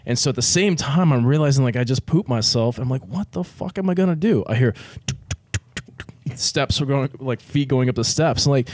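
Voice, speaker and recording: A man's voice: medium pitch, fairly quick, darkish tone, no room sound. Laid-back man telling a crude story. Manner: laid-back, profane, laughs often through his words. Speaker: military veteran guest telling a story. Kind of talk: casual storytelling on a podcast.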